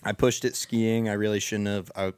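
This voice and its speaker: A man on a podcast rambles through a story in a casual chat, backing up and restarting his sentences. His voice is getting hoarse, and the sound is dry and close with no room around it. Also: lowish voice, flat delivery, normal speed, no echo. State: voice going hoarse. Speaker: podcast host.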